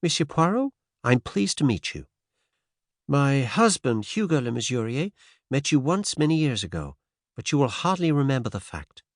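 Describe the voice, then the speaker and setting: A man's voice: medium pitch, big pitch swings, normal speed, no room sound, clean studio sound, voice pushed up. A man reading the part of a determined, worried American woman of about thirty in an audiobook. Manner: earnest, worried pleading.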